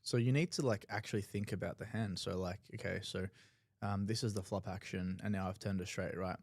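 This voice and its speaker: Australian male analyst, lower voice, dry sound, thinks out loud over hands. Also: steady tone, a little fast, no echo. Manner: analytical, loose with many fillers. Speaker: poker analyst. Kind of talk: live tournament commentary.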